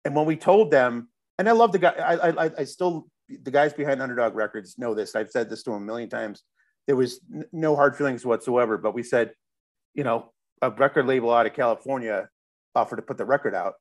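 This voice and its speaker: Speaking briskly at medium pitch, this middle-aged guest musician from Chicago recounts a long story in a casual interview. His telling is loose and wandering, with restarted sentences and occasional swearing.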